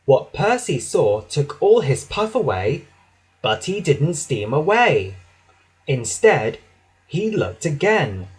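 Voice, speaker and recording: A man narrating a children's storybook with an expressive, dramatic reading. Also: on the high side, slow, husky.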